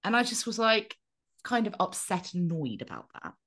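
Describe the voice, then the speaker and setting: A woman co-hosting a podcast, telling a story in an animated, sweary, casual way. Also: mid-range voice, moderate pace. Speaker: podcast co-host. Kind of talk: casual chat.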